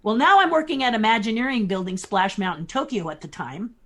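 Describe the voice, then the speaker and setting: A woman in her sixties, a guest puppeteer telling lively stories in a podcast interview, chuckling as she talks. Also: fairly high pitch, fairly quick. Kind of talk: anecdotal storytelling in a podcast interview.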